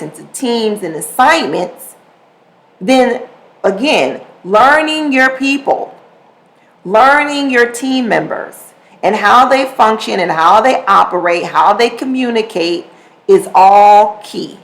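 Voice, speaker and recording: A woman's voice: mid-range voice, poor audio. A woman hosting a podcast, talking casually about communication and acting out short examples as she goes. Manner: conversational, animated, acts out examples. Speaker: podcast host. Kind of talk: solo podcast talk on communication.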